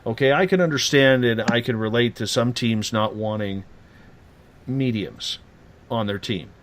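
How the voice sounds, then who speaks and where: A man hosting a late-night radio talk show, animated and teasing as he rants. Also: medium pitch, measured pace.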